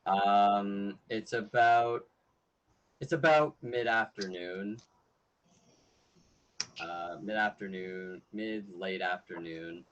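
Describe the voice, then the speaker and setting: A man running a tabletop game as game master, describing scenes in a halting way with many fillers. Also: lowish voice, a bit bright, highs cut off, slight background noise.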